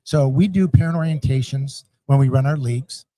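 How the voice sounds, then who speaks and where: A man's voice: mid-range voice, brisk, no room sound. A middle-aged man, a guest on a podcast, talking animatedly and acting out coaches and parents as he goes. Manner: animated storyteller, acts out yelling parents and scats rhythms. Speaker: youth sports league founder, guest. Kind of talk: conversational podcast interview.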